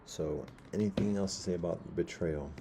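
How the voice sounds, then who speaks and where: A man in his fifties giving a rambling personal monologue, halting as he repeats words and restarts his sentences. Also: low voice, noisy background.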